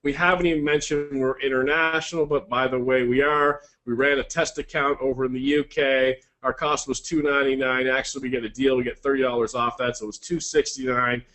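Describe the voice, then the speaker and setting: A man presenting an online selling course, walking through sales examples in an upbeat, salesy pitch with quick asides. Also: flat delivery, fairly bright tone.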